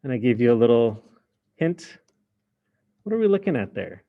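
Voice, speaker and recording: A man's voice: mid-range voice, big pitch swings, normal speed, phone-quality sound. A man teaching a French class in a casual explaining way, with many fillers. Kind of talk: recorded class lesson.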